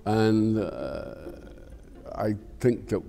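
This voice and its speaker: An older man with a Scottish accent, speaking in a low, gravelly voice. His tone is mellow and dark, and he rambles reflectively. He swears freely and without any fuss in a candid interview. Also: very slow, soft background music. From Scotland. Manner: frank and profane, swears freely. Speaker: actor being interviewed.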